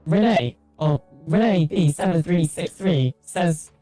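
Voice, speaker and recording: Slow, mellow woman reading stream chat. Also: fairly low pitch, animated, no room sound, soft background music, poor audio. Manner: unhurried, reads messages aloud. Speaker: chat reader.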